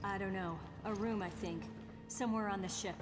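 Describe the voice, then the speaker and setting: A woman's voice: medium pitch, fairly even intonation, moderate pace, lightly acted. Woman voicing a tense female special agent. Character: tough female special agent, adult, trapped aboard a ship. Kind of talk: video game voice acting. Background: loud game music.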